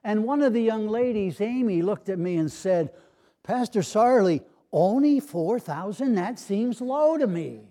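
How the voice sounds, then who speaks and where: An older man, a retired pastor, preaching a sermon with gently humorous storytelling and voices for the people in his anecdotes. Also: sits high, lively intonation, measured pace.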